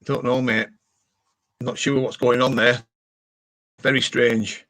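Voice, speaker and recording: A British man hosts a casual live stream about detecting, chatting and reading viewers' comments out loud. He speaks slowly in a mid-range, level, slightly bright voice with a British English accent.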